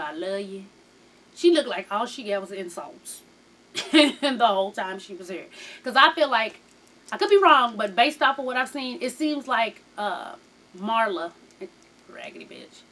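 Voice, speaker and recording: A woman's voice: a little high, a bit bright. A woman recapping a reality show in a casual, sassy, profane gossip style, acting out the people in her story.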